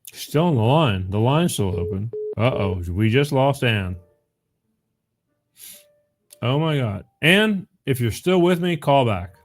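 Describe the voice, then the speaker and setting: A man's voice: mid-range voice, very animated, takes it slowly, long pauses, faint music behind. A middle-aged man hosting a call-in show, chatting casually and rambling, with frequent laughs and repeats. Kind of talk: casual call-in radio chat.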